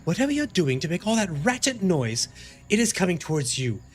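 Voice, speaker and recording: A haughty female cat with a posh British accent sneers and scolds, as a man puts her on. The voice is pushed up higher than a normal speaking voice and drips with contempt. It sounds like a character in a tabletop game. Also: very animated, brisk, soft background music. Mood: scornful. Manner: scornful, insulting.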